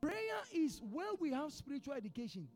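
A Ghanaian pastor delivers a sermon in a high, very expressive voice that climbs and drops with his story. He drops to a near hush, then bursts out loud. Faint music sits underneath him in the church. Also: brisk. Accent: Ghanaian English. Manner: animated storyteller, swings from hushed to shouting.

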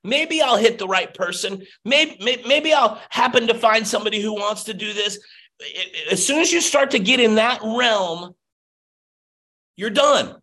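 A man giving a passionate motivational pep talk as a business coach, nearly yelling, over a video call. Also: high-pitched, expressive, unhurried.

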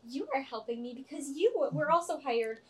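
High-voiced woman tabletop player. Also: brisk, slight background noise. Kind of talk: in-character tabletop play.

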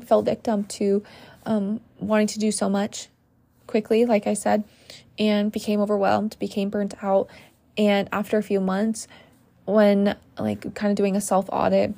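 Young adult woman, esthetician podcast host, gravelly fry, earnest and chatty, casual solo talk. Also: medium pitch, warm tone. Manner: chatty and earnest, many ums and likes.

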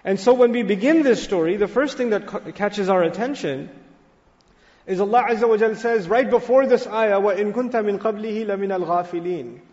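A man with a notably high voice gives an animated, storytelling sermon, acting out a child's excited words. The lo-fi recording is dull, with long reverb from a large hall. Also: moderate pace. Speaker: Islamic teacher. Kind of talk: sermon-style Quran lecture.

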